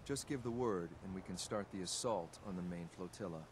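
A deep-voiced, emotionless synth agent, as a man acts him out delivers clipped military replies. His game dialogue sits under a clear bed of background noise. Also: brisk, close to an everyday voice. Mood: flat, dutiful. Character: cold formal male synth agent soldier. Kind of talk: video game character dialogue.

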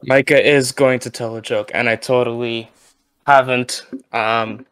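A man in a casual gaming chat, telling a long joke with playful, loud quoted lines. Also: medium pitch, fairly even intonation, unhurried, smooth. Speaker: co-host.

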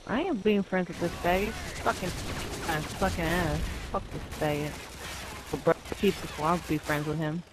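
A man's voice: on the high side, steady tone, moderate pace, background noise. A man swearing and heckling another player over online game voice chat, crude and hostile. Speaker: gamer in voice chat.

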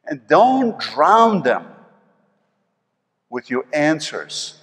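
An older man with a New York accent preaching a sermon as pastor, swinging between loud emphasis and soft asides. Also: a little high, sing-song, drawn-out words, husky. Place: church sanctuary. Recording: long reverb of a church hall.

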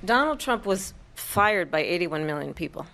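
A woman debating on stage in a mid-range voice, firm and deliberate. She lays out each point with steady emphasis. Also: fairly low pitch, gravelly. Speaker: presidential debate candidate. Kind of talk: debate answers.

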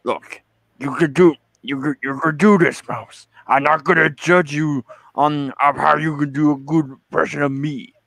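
A man chatting casually with friends. His voice is gravelly and bright, and he speaks haltingly, often starting over. The sound is dry and close. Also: a little high, steady tone, dry recording. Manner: halting, with many restarts. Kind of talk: casual group chat.

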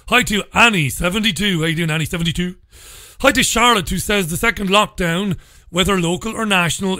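A male radio host chats on his own and reads listener comments in a blunt, sardonic way. His voice sits high and sounds bright and forward. The studio sound is dry and close. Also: no room sound. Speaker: radio talk show host. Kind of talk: casual solo radio chat reading listener comments.

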